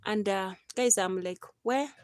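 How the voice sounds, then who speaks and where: Chatty Kenyan woman live-streaming, slightly high voice. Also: a little slow, no echo, clean studio sound. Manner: chatty, laughs often, preachy asides. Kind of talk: casual live-stream chat.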